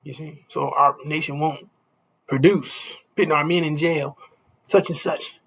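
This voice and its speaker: A man's voice: on the high side, steady tone, measured pace, gravelly, a bit bright, slightly rough. A man preaching a casual street sermon, stopping often to ask "you see?" and chuckling between points.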